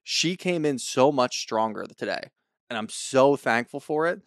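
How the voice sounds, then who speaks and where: A man's voice: medium pitch, expressive, normal speed, a bit bright, no room sound, clean studio sound. A man co-hosting a casual recap podcast, talking bluntly with lots of swearing. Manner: blunt, profane, emphatic. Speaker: podcast co-host.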